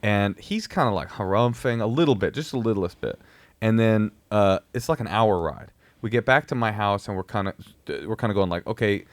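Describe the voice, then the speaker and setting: This comedian in his thirties has a lowish voice and a brisk delivery as he recounts a story in relaxed conversation. He animatedly performs the quotes of others in put-on voices, captured in a dry recording.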